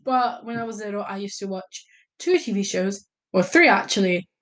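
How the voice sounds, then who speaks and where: A woman's voice: mid-range voice, normal speed, fairly bright tone. A young woman from Italy answering casual vlog questions, rambling and hesitant, with lots of fillers and self-corrections. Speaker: vlogger.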